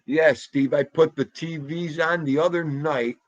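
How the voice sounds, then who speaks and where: A man hosts a casual livestream from home, talking loudly and greeting viewers by name. His voice is husky and unhurried. The sound is dry and a little dull. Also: on the high side, no echo. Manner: animated, talks loudly, greets chatters by name. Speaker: livestream host. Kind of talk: casual livestream chat reading comments. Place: home room.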